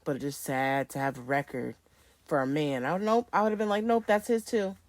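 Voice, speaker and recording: A woman's voice: very deep voice, animated, fairly quick, dry recording. A woman host giving casual, frank reaction commentary and talking to her viewers. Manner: frank, chatty, addresses viewers.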